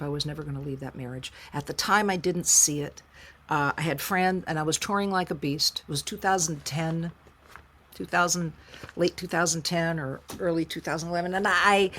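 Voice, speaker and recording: Interview guest: middle-aged woman, low voice, candid and emotional, storytelling with quoted voices. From United States. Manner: frank, emotional, animated retelling with quoted voices. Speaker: interview guest, singer-songwriter.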